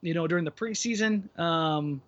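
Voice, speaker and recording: A man's voice: a little high, moderate pace, fairly bright tone. A man co-hosting a casual basketball podcast, opinionated and rambling, often restarting his sentences. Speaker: podcast co-host. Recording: muffled lo-fi podcast audio.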